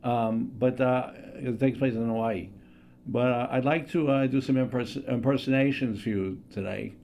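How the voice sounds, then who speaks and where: A host in his sixties introduces a stand-up impressions routine from a studio, chatty and self-deprecating, hesitating often and leaning on fillers. His mid-range voice is a little mellow, with a steady tone at normal speed, and a slight hiss or hum runs underneath.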